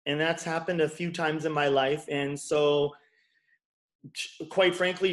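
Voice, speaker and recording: A man's voice: on the high side, echoey room. A man in his forties, a chiropractor and bodyworker, telling his story frankly in an interview and swearing casually. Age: 40s.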